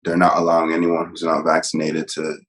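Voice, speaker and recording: A man speaking as a guest on a podcast, plainspoken and matter-of-fact. His voice is very deep. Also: monotone, a little fast. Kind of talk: casual chat.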